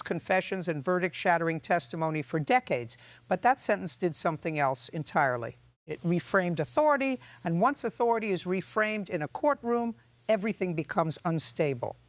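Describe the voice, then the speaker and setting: Woman narrator in a judge's role, measured and reflective, with a dry, close sound. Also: fairly low pitch, dry recording. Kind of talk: scripted narration.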